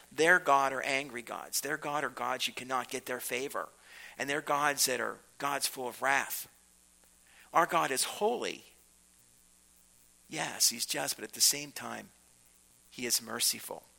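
Gravelly, bright-toned male preacher. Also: medium pitch, low-quality recording. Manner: earnest preaching, with repetition and emphatic pauses. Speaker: pastor. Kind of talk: sermon.

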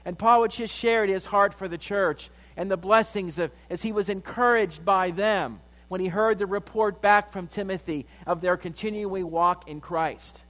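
A man's voice: sits high, moderate pace, hardly any pauses, a bit bright. A male pastor delivering a sermon in a church, telling a story and then building to emphatic peaks. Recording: long hall reverb.

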